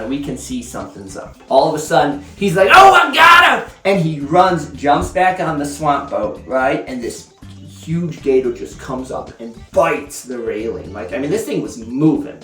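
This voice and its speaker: A man's voice: medium pitch, animated, normal speed, soft background music. A man giving a casual, rambling whiskey review, telling stories with lots of fillers. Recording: roomy, mic at a distance.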